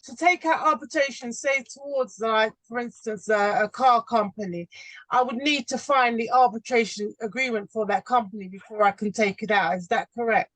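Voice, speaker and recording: A woman's voice: a little high, normal speed, a bit bright, dry recording. A woman from England with an English accent, asking questions on a call in a polite, hesitant way.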